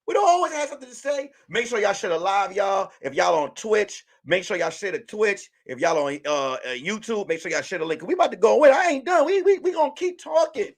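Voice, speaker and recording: A man hosting a casual livestream commentary, joking and acting out quotes in mock voices. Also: extremely high pitch. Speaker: livestream host.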